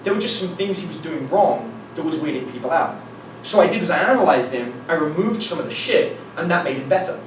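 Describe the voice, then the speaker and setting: A man giving a live seminar talk as a dating coach, telling anecdotes in an animated way, acting out dialogue and swearing casually. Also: fairly high pitch, fast, a little hiss or hum. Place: meeting room with an audience. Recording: echoey room from a distance, faint ambience.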